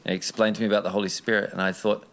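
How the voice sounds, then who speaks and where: Casting: New man, low gravelly voice, earnest rambling storyteller. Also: little pitch movement, rapid-fire, a bit bright. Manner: earnest, rambling, with many restarts. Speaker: interview guest. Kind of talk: casual personal storytelling.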